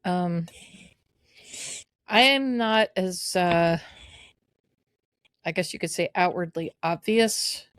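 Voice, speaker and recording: A woman co-hosting a podcast, guiding the conversation in a measured way and recapping earlier episodes. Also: fairly low pitch, a bit bright, dry recording, studio quality. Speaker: podcast co-host. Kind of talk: candid personal conversation.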